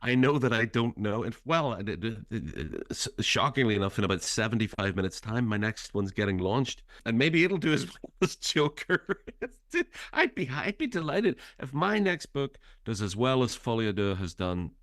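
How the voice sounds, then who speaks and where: A man's voice: medium pitch, very animated, moderate pace, fairly bright tone, no echo, studio quality. A man co-hosting a film podcast, thoughtful and a little hesitant, with frequent restarts and easy laughs. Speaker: podcast co-host and author. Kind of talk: casual film chat.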